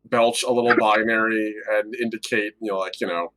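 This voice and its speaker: A man playing a tabletop game, talking in a rambling, animated way. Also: fairly low pitch, brisk. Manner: animated, rambling, laughs often. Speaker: player. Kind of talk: casual tabletop play.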